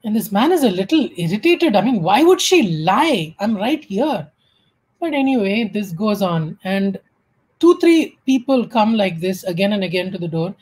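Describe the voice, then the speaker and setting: At an online spiritual gathering, a woman with an Indian English accent tells humorous stories, acting out the quotes with warmth. Her voice is a little high and husky, and the recording quality is low.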